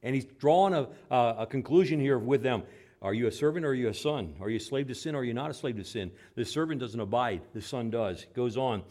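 A man preaching a sermon, emphatic, posing rhetorical questions and swinging between loud and soft. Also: mid-range voice, fast talker.

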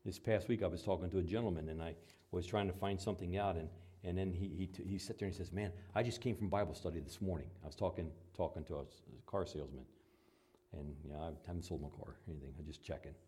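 A man preaching a sermon, moving between loud emphatic passages and quiet conversational asides, and acting out the voices he quotes. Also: sits low, steady tone, fast, breathy edge. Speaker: pastor.

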